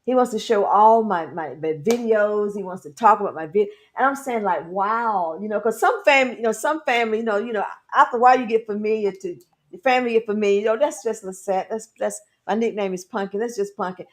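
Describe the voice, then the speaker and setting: A woman's voice: medium pitch, fairly quick. A woman co-hosting a live talk show, speaking in an encouraging, affirming way with a preacher-like cadence. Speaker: co-host. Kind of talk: casual chat on a live show.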